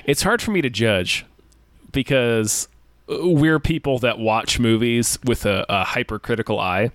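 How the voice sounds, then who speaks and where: A man co-hosting a casual movie-review chat, measured, often restarting his words. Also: medium pitch, no room sound, studio quality. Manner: measured, with repeated starts. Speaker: podcast co-host.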